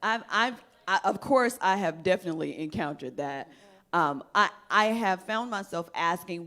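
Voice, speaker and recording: A woman's voice: lowish voice, lively intonation, normal speed, a bit bright. A woman hosting a panel talk show, speaking emphatically and addressing the panel directly.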